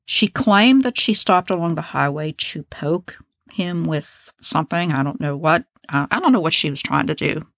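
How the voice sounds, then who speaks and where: Low-voiced lady telling a true crime case, blunt and chatty, dry close mic. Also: lively intonation, moderate pace, no room sound. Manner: blunt, opinionated, swears in asides. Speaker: true crime podcast host. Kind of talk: casual true crime narration.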